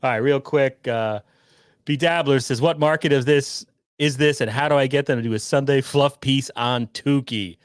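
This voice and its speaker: A man's voice: medium pitch, moderate pace, clean tone, dry recording, clean studio sound. A man hosting a podcast livestream, reacting to a news clip and rambling sarcastically. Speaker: podcast host. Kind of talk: casual livestream commentary.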